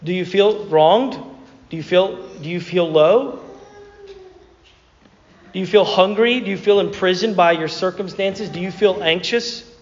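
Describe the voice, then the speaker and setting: A man's voice: high-pitched, unhurried, pauses often. A man preaching a sermon as a pastor, telling stories in a conversational way with repeated words. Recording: muffled sound with long hall reverb.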